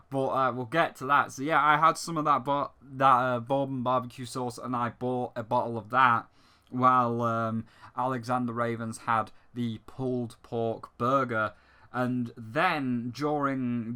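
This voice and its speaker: A young man chats loosely through a casual gaming vlog, full of fillers and restarts. His voice sits at a middling pitch for a man with a bright, forward tone. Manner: rambling, chatty, many fillers. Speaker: gaming YouTuber. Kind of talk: casual vlog over gameplay.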